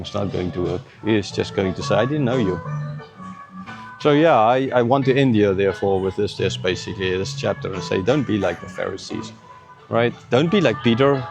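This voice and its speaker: A man teaching a Bible chapter in a loose, earnest way, at an ordinary middle pitch. He keeps checking in with his listeners and slips into mocking little imitations to make his point. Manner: frequent "right?" and "okay" check-ins. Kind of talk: informal Bible teaching to camera.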